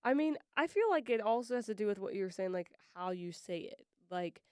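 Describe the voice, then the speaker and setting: A woman's voice: medium pitch, animated, fairly quick, darkish tone, clear, resonant tone, dry recording, clean studio sound. A woman co-hosting a casual faith podcast, thinking aloud, trailing off and laughing often. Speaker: podcast co-host.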